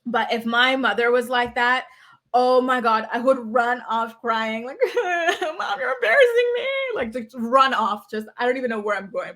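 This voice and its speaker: Young woman, casual recap vlogger, gossipy chatter, fairly high voice. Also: fairly bright tone. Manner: chatty, gossipy, with frequent "like" and asides.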